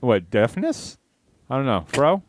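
A man co-hosting a podcast, trading deadpan, absurd jokes in loose banter over headphones. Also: mid-range voice, a little slow, no room sound. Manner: deadpan absurd, mock-serious. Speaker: podcast co-host. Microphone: headphones and studio mic.

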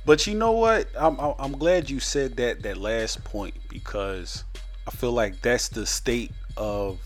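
A man's voice: medium pitch, measured pace, faint music behind. A man in casual chat who speaks reflectively and repeats words as he starts a thought.

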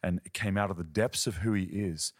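A man's voice: deep voice, a little fast, dry recording, clean studio sound. A man, a ministry leader and podcast guest, teaching earnestly in conversation and telling stories. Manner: earnest, storytelling, uses quoted voices.

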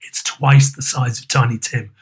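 Old storybook miser, gruff and emphatic, dropping lower as a male reader plays him. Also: steady tone, normal speed. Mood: gleeful. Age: older. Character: reformed old miser, gruff but gleeful.

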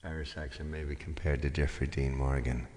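A man's voice: extremely low pitch, steady tone, brisk, big-room sound. A man casually chatting with viewers between songs on a live stream, rambling and greeting people by name. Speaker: live-stream singer with guitar. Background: loud guitar playing.

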